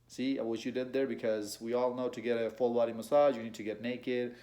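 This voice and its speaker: Young man, casual advice vlogger, conversational, repeats himself, mid-pitched voice. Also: level tone, fairly quick, dark tone. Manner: conversational, repeats and restarts phrases, addresses viewers as bro. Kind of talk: casual advice monologue to camera.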